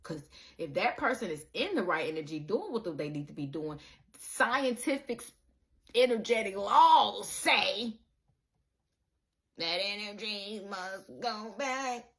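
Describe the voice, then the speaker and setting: A woman giving a casual spiritual monologue to her viewers, animated and profane, calling the listener baby and acting out the people she quotes. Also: mid-range voice, slow. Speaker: spiritual content creator.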